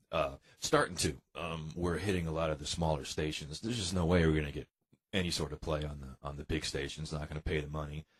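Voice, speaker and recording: American guy with a super low husky voice, laid back musician chatting, lots of ums and sighs. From New York, United States. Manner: relaxed, chatty, many fillers and sighs. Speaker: guest musician. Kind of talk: casual interview.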